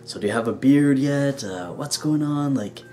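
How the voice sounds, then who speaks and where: A man voicing his cheerful elderly grandmother, high and doting. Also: normal speed, warm tone, soft background music, close to an everyday voice.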